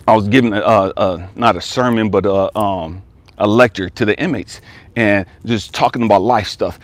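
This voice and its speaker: A man's voice: lowish voice, normal speed, no room sound. A man who is a life coach, giving an emphatic motivational talk. He repeats key phrases and builds intensity as he goes.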